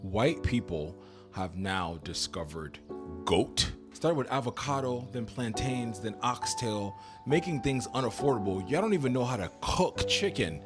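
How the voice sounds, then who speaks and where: A man's voice: mid-range voice, expressive, a little slow, over music. A man giving an indignant, mock-outraged comic rant as a reaction commentator.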